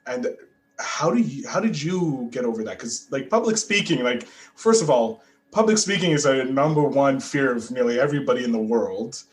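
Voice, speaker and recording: A man's voice: medium pitch, moderate pace, rough recording. A man hosting a podcast interview, talking casually and eagerly with many fillers and restarts. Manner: chatty and animated, with frequent fillers and restarts. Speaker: podcast host.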